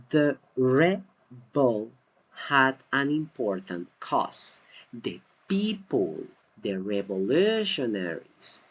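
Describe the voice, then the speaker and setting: Slow non-native guy drilling english word stress, super lively pitch, kinda muffled recording. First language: Spanish. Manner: exaggerated word stress, repeats words slowly. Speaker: English pronunciation teacher. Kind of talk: slow deliberate pronunciation lesson. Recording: slightly dull lo-fi recording.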